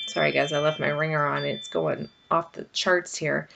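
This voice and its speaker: A woman's voice: sits low, moderate pace, gravelly, hardly any pauses, fairly bright tone. A middle-aged woman vlogger talking casually and rambling about her marriage, with frequent fillers. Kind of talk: casual personal talk to camera.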